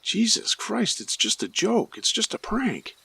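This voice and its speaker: A man plays an exasperated young college prankster, his voice jumping high and strained as he protests. Gravelly and husky underneath, read out as part of a spooky story narration. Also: big pitch swings, measured pace, bright, forceful tone, no echo, exaggerated voice.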